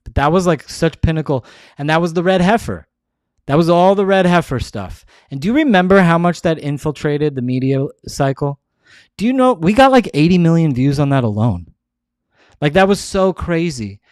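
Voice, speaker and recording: A man's voice: fairly high pitch, animated, normal speed, dry recording. A man hosting his show, talking in a casual, rambling monologue full of restarts. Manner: rambling, restarts often, many "like"s. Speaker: show host.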